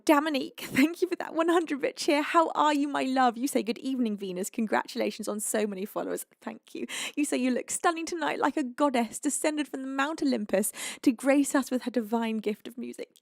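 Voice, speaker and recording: A woman's voice: sits high, gravelly, no room sound, clean studio sound. A woman from the UK hosting a live music stream, gushing thanks to viewers between laughs and sounding out of breath. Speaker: livestream singer thanking viewers.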